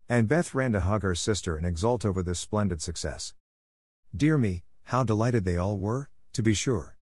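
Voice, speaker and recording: A man narrating a classic novel as a scripted audiobook in a steady, measured reading. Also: on the low side, no room sound, clean studio sound.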